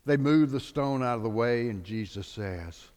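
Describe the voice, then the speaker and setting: A man's voice: medium pitch, expressive, moderate pace, a little mellow. A man preaching a sermon, a dramatic preacher who acts out the people in his stories. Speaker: pastor. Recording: long hall reverb.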